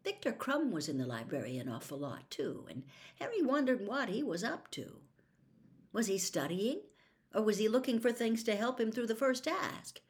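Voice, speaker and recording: A woman narrating an audiobook with expressive storytelling, at times dropping to a whisper. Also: fairly high pitch, normal speed.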